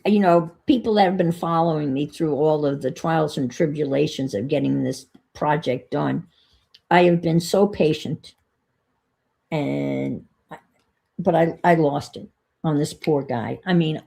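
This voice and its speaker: Working on a craft for her vlog, a woman thinks aloud and relates an exasperated story in casual chat. Her voice is low-pitched and a little mellow, with vocal fry.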